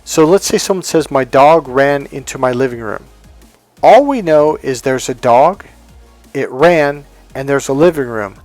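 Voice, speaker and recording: A man's voice: mid-range voice, lively intonation, unhurried, darkish tone, no echo, soft background music. A man giving relationship coaching advice in a blunt, emphatic monologue, acting out the voices he quotes.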